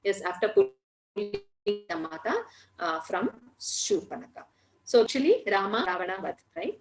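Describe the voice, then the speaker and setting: A woman telling a story in a lively, conversational way, with many fillers and asides. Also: medium pitch, reverberant. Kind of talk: spoken storytelling.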